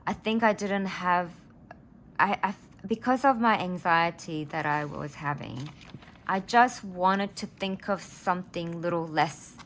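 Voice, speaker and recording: A woman's voice: fairly low pitch, unhurried, a bit bright, slight background noise. Earnest rambling woman vlogger. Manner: earnest, rambling, emotional storytelling. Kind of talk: casual personal chat.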